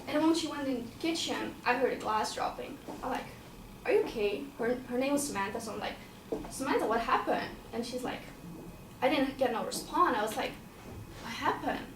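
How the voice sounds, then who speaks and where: A woman's voice: high-pitched, brisk, noisy background. A woman telling a personal story in a casual, plain-spoken way, repeating herself and sometimes swearing. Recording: roomy sound from a distant mic, faint ambience.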